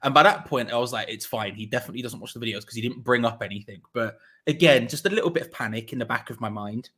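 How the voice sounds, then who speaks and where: Young male host, bright forceful voice, animated storyteller in casual chat. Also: medium pitch, fast, breathy edge. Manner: animated anecdote telling.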